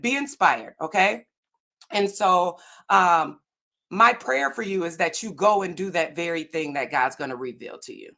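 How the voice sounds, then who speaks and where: A woman speaks earnestly on a video call, giving a faith-driven motivational talk in a mid-pitched voice. She keeps checking in with her listeners, tagging "right?" and "okay?" onto her points. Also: gravelly, a bit bright. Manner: earnest, asks "right?" often. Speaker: summit speaker.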